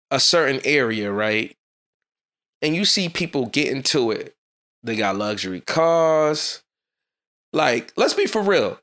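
A man hosting a solo motivational podcast, talking fast and fired up in a loose, casual street style. His voice sits at an ordinary, middle pitch for a man. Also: gravelly, fairly bright tone. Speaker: podcast host.

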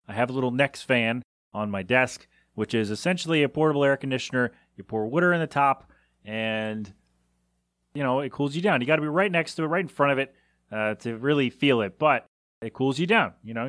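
A man's voice: medium pitch, fairly bright tone, dry recording, clean studio sound. A man hosting a solo podcast from a small windowless room, rambling in an exasperated, incredulous way. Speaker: podcast host. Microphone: home podcast mixer setup.

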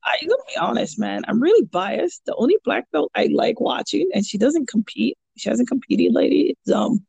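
A woman's voice: fairly high pitch, very animated, brisk, gravelly, dark tone, breathy edge, no room sound. A woman who coaches jiu-jitsu chats casually on a podcast, rambling through stories with lots of fillers and restarts. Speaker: jiu-jitsu purple belt and kids' coach. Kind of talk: casual podcast chat, storytelling.

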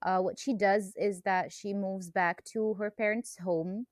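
Slow-talking young woman, hesitant. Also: mid-range voice, steady tone, no echo, studio quality. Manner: unhurried, hesitant with many ums. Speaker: podcast co-host. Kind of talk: casual book podcast chat.

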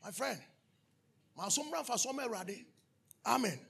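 A male pastor preaches in a high, raspy, gravelly voice, bright and sharp in tone. He throws questions out to the congregation for call-and-response and breaks into sudden shouts. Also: very animated, moderate pace, long pauses. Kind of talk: sermon.

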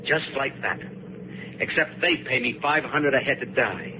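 A man's voice: mid-range voice, unhurried, lightly acted. A man playing a cruel, gloating smuggler captain who sneers and taunts, in 1950s radio drama. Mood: gloating menace. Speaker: ship captain. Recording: scratchy old radio broadcast, noisy, narrow band.

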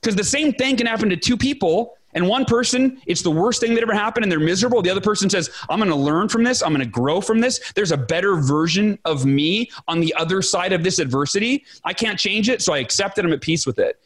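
A man in his forties, a guest author telling his story in a podcast interview with emphatic, animated delivery. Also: high-pitched, fast talker, few pauses. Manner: animated, emphatic, acts out quoted dialogue.

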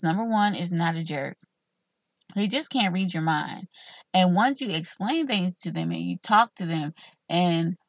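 A woman's voice: on the low side, no room sound. A woman hosting a solo talk, giving relationship advice in an earnest, encouraging, conversational way.

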